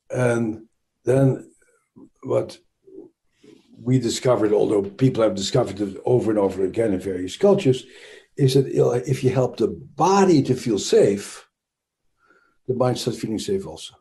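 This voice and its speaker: Mellow-voiced Dutch-accented man explaining. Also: medium pitch. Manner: thoughtful, with frequent restarts and fillers. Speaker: trauma expert guest. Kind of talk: explanatory interview talk.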